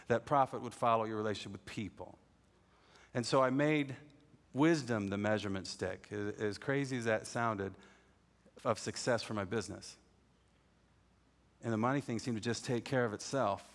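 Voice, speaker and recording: A middle-aged man preaching a sermon earnestly, repeating his key phrases for emphasis. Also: on the low side. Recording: long reverb in a large hall.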